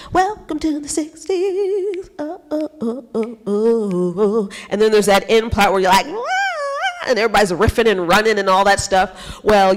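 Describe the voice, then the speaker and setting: Woman guest speaker with a mid-range voice, telling her story in an animated way and acting out her thoughts. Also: mid-range voice. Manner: animated, acts out her own past thoughts; laughs often between phrases. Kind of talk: storytelling talk.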